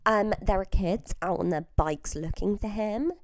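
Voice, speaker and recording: A woman's voice: medium pitch, measured pace, no room sound, clean studio sound. A young woman in her early twenties, a podcast host who is feeling unwell, telling stories in a chatty way, laughing often and sometimes dropping to a whisper. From southern England. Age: early 20s. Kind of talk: casual chat. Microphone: very close to the mic.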